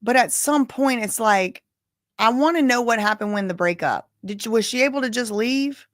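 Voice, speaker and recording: A woman's voice: fairly high pitch, moderate pace, no room sound, studio quality. A woman casually commenting on a live trial, chatty and opinionated, often saying "like" and "y'all".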